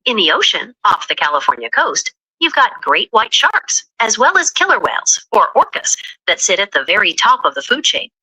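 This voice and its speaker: A synthetic female voice assistant giving polished, helpful answers in a smooth conversational tone. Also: medium pitch, big pitch swings, normal speed, few pauses, sharp tone, poor audio.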